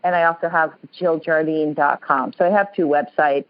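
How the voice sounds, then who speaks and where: A woman's voice: deep voice, flat delivery, a little fast, few pauses, no echo. A woman astrologer guest explaining her work earnestly, often repeating herself. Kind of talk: interview answers. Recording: dry muffled remote audio.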